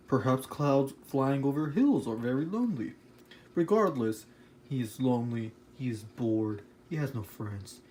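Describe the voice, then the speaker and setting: A man's voice: on the high side, dark tone, a little hiss or hum. A man playing an earnest male romantic poet who speaks as a guest in a lecturing, explanatory way.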